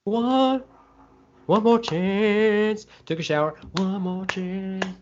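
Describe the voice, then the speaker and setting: A man doing a mocking impression of a gospel lead singer who chants the same line again and again, high and drawn out. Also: animated, a little fast, fairly bright tone, slight background noise. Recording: dull lo-fi sound.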